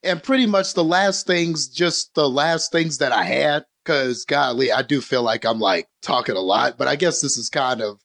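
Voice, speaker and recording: A man, talking through a movie scene in a casual podcast chat, animated and rambling. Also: mid-range voice, moderate pace, gravelly, hardly any pauses. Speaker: podcast co-host.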